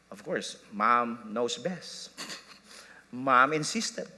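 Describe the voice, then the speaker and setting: A man's voice: mid-range voice, expressive, extremely slow, bright, forceful tone. A man preaching a sermon, telling a family story and laughing at himself as he quotes his sons and wife. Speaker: pastor. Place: church sanctuary. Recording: long church hall reverb.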